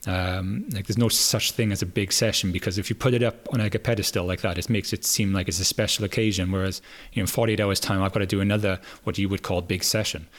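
A British man, a former athlete, answering interview questions in a relaxed way, thinking aloud with fillers and restarts. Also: low-pitched, quick pace, few pauses. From Britain. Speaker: guest, former hurdler. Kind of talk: casual podcast interview.

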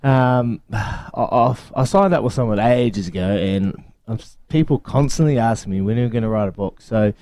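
A young New man talks earnestly on a radio show, stopping and repeating himself as he works out his thoughts. His voice is warm and mellow. It sounds dry and close, with no room around it. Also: medium pitch, moderate pace, few pauses, no echo. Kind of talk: casual chat.

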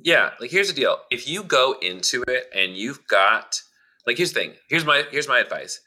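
Blunt, swearing male co-host with a sharp, very bright tone. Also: mid-range voice, very animated, moderate pace. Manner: blunt and emphatic, swears freely. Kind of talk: casual chat.

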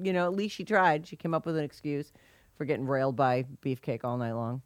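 A woman's voice: deep voice, expressive, brisk, no room sound. A middle-aged woman co-hosting a podcast, bantering casually and laughing easily. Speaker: podcast co-host.

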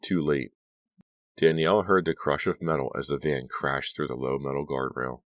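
Very deep-voiced male audiobook narrator. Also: dry recording, studio quality. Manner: steady, measured storytelling.

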